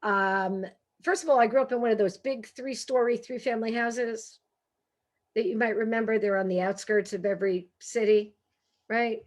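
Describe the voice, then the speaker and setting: A woman's voice: fairly high pitch, normal speed. Chatty Brooklyn woman telling funny stories. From Brooklyn, New York. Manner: lively, animated, chatty with many asides. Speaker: author and humorist. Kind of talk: comic storytelling talk. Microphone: video call.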